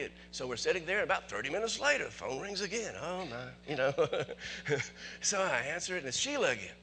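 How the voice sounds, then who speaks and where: A man pastor telling a personal story in a sermon in church, chatty at first and rising to excited preaching. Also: a little high, brisk, a little hiss or hum. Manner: conversational, builds to excited preaching.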